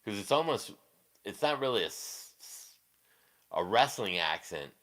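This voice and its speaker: A man chatting casually on his live stream and answering viewers in a rambling, crude way, with quick laughs and many restarts. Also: lowish voice, very animated, fairly bright tone.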